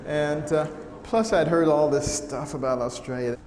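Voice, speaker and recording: A middle-aged American man giving a storytelling talk to an audience, humorous and animated, often acting out the voices of the people he quotes. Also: fairly high pitch, normal speed. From United States. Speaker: speaker giving a testimony talk. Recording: echoey hall sound with faint noise.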